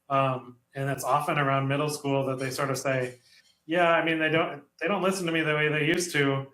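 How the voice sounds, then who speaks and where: A man's voice: medium pitch, pushed and bright. A man, a guest author on a podcast, speaking thoughtfully with frequent restarts and filler words. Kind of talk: conversational interview. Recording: echoey room.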